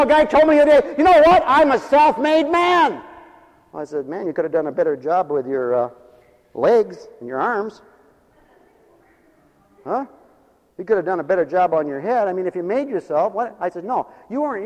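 A man's voice: a little high, darkish tone, big-room sound, low-quality recording. A man preaching a humorous revival sermon in a church, folksy and joking, calling for amens from the congregation.

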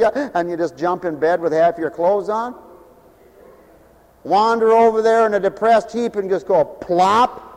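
A male preacher delivering an animated, joking sermon, swinging between loud calls and hushed asides. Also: high voice, moderate pace. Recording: long hall reverb.

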